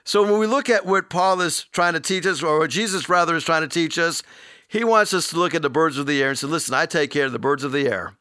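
A man preaching a sermon, earnestly teaching and quoting scripture, slowing down to stress key words. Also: a little high, pushed and bright, clear, resonant tone, dry recording, clean studio sound. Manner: earnest, teaching, quotes scripture, slows for emphasis.

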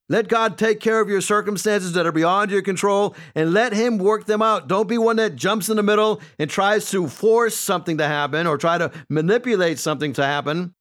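High-voiced man preaching a sermon. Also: a bit bright. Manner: preaching, numbered points, acts out quoted speech. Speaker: pastor.

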